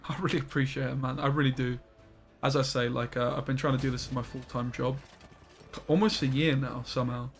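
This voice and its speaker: A young man streaming a card game, chatting excitably to his viewers and breaking into loud, surprised yelps. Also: medium pitch, a little fast, soft background music. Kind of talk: live-stream commentary.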